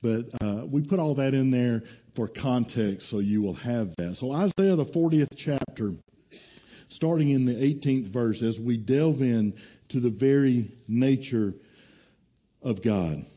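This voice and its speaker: Male pastor, casual and storytelling, dark warm voice, muffled lo-fi capture. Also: mid-range voice, measured pace. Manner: folksy, casual, teasing, storytelling. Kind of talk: sermon. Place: church.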